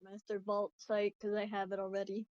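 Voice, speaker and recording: A woman's voice: medium pitch, completely flat delivery, normal speed, a little mellow, dry recording, muffled recording. A woman player in a tabletop game chatting casually and describing characters in detail.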